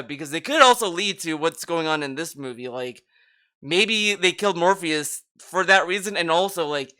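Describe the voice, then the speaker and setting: A man's voice: on the high side, pushed and bright. A man co-hosting a podcast, chatting casually in a rambling way, full of fillers and restarts. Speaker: podcast co-host. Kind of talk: casual chat.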